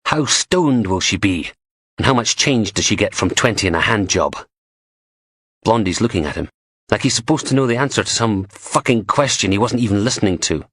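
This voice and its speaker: A man's voice: lowish voice, lively intonation, normal speed, fairly bright tone, breathy edge, no room sound, clean studio sound. A man narrating a crime thriller audiobook in a gritty, sardonic way.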